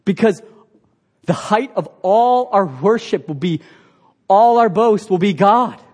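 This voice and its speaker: A man's voice: sits high, animated, takes it slowly, a little mellow. A man preaching a sermon as pastor, earnest and emphatic, asking the congregation rhetorical questions.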